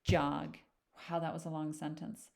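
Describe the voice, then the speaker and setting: A woman teaching young children to read, patiently sounding out letters and words one at a time in a slow, gentle phonics lesson. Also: fairly low pitch. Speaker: reading teacher.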